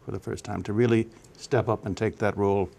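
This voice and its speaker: Deep-ish male host asking long policy questions, keeps saying mm-hmm and exactly. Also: fairly even intonation, a little fast, creaky, a little mellow, a little hiss or hum. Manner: frequent brief backchannel agreement. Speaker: interview host.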